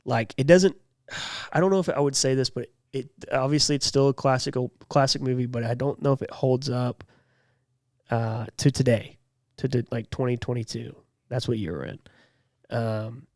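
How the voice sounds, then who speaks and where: Gravelly young man rambling casually. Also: medium pitch, normal speed, a little mellow, no room sound, studio quality. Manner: loose, rambling, lots of "like" and fillers. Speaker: podcast co-host. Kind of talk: casual chat.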